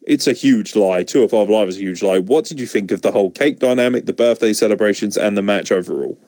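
A man's voice: lowish voice, fast, mellow, no echo. A man co-hosting a casual review podcast, ranting sarcastically and swearing freely. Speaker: podcast co-host. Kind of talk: casual wrestling review chat.

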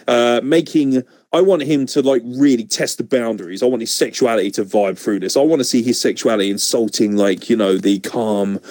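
A man co-hosting a podcast in casual chat, animated and opinionated, with frequent swearing. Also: medium pitch, no echo. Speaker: podcast co-host.

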